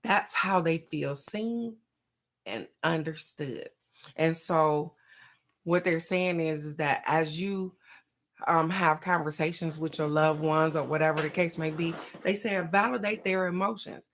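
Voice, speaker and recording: Low-voiced and a little slow, this older woman hosts a card-reading session with easygoing, folksy chatter. She laughs frequently and draws out words to emphasize them.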